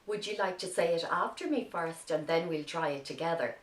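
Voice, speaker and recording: An Irish woman teaching young children, speaking gently and clearly as she tells a story. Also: lowish voice, fairly quick. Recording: roomy sound from a distant mic.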